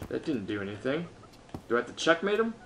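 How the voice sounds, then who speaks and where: Frustrated swearing man, lively voice. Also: quick pace, a little hiss or hum. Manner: frustrated, swearing constantly, talking to himself; lively pitch, swings between muttering and yelling. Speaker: gameplay streamer. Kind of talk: live gameplay commentary.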